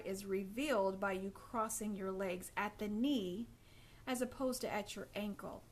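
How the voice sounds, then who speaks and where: A woman's voice: mid-range voice, fairly bright tone. A woman etiquette coach giving direct, instructive tips to viewers during a live stream, addressing them as ladies and acting out hesitant and confident examples. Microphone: phone or webcam.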